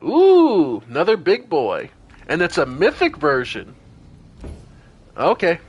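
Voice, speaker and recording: Here the man's voice sits on the high side and moves a little slowly, with dull audio and a slight hiss or hum. He's streaming a strategy RPG, chatting through every party member's move and exclaiming animatedly as he plays.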